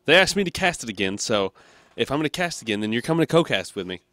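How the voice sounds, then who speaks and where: A man's voice: mid-range voice, quick pace, no echo. Upbeat young male show host, dry sound. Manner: upbeat, animated, laughs often. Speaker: show host, tournament caster. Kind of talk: casual chat.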